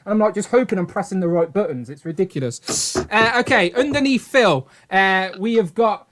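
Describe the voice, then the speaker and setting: Rich: A British man with a noticeably high speaking voice hosts a casual live stream from home. He keeps the chat light and upbeat, often breaking into laughter between lines. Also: animated, moderate pace, fairly bright tone.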